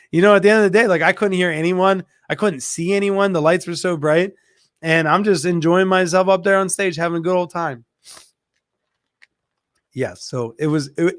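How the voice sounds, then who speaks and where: A man hosting a casual livestream chat, animated and laughing at his own stories, stuffy with allergies. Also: on the high side, no room sound, clean studio sound. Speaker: aquarium shop host.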